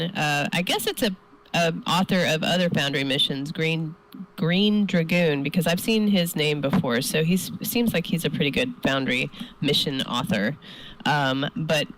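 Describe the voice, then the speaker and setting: A woman co-hosting a podcast in casual chat, talkative and quick to laugh. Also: sits low, fairly bright tone, a little hiss or hum, poor audio. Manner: chatty, laughs often. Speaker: co-host.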